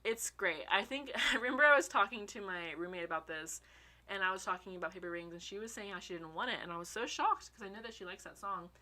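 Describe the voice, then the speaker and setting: Bright-voiced, gushing young woman. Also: medium pitch, fast. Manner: gushing, excitable, swears casually. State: out of breath. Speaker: fan ranking songs. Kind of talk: casual vlog commentary.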